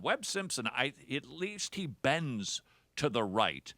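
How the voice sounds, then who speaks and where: A man's voice: medium pitch, sing-song, takes it slowly, sharp tone, dry recording. A man hosting a radio talk show, delivering a sarcastic, jokey monologue. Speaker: host.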